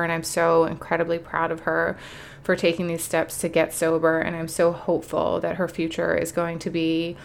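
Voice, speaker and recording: A woman's voice: low voice, creaky. A young adult woman hosting her own podcast, talking casually and with heartfelt emotion. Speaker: podcast host. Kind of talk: casual solo podcast talk.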